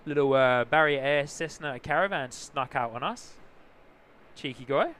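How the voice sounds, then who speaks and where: Near an airport, a plane spotter with a New Zealand accent runs a relaxed outdoor livestream, greeting viewers as he chats. He speaks at a normal speed in a fairly high, somewhat bright voice, with a little hiss or hum behind it.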